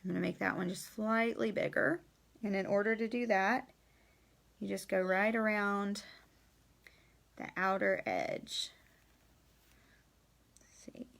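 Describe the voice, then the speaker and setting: A woman's voice: mid-range voice, steady tone, slow pace, creaky, long pauses, a bit bright. A woman in her thirties chatting through a live-streamed painting demo, friendly and casual, addressing her viewers as y'all. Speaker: painting teacher.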